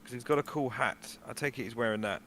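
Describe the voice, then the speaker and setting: A man's voice: medium pitch, fast, bright, forceful tone, slight background noise. A man chatting casually as a player in a tabletop game, easygoing.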